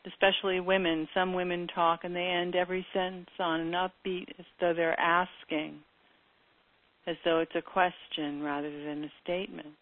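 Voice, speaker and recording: A woman's voice: lowish voice, little pitch movement, a little fast, hardly any pauses. Woman teaching over a tinny line. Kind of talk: daily listening lesson. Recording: tinny phone-like sound.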